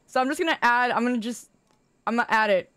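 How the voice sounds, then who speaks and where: A woman's voice: a little high, fast, fairly bright tone, clean tone, no echo. A woman game streamer chatting casually with her viewers, goofy and rambling, poking fun at herself and laughing often. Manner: goofy, rambling, self-mocking.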